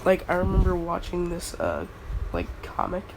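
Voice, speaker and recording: A man's voice: high-pitched, big pitch swings, moderate pace, noisy background. A man casually retelling a fan story, rambling and slangy with lots of filler words.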